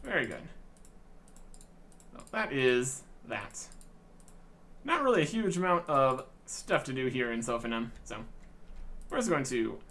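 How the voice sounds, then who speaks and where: Wry man doing animated game commentary. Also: mid-range voice, measured pace. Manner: wry, joking. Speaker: game channel host. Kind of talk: let's-play commentary.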